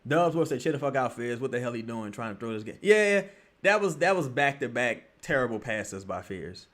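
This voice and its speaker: Male streamer, casual and profane, lively pitch swings from mumbles to shouts. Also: brisk. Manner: profane, animated, swings from mutters to yelling. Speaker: streamer reacting to a live game. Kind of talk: casual live game reaction.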